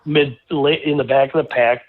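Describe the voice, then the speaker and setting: Male guest, chatty rambling storyteller, mid-pitched, phone-quality audio. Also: normal speed. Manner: rambling, animated storyteller with many restarts. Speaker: racing driver guest. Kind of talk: casual storytelling interview. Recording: tinny phone-like line.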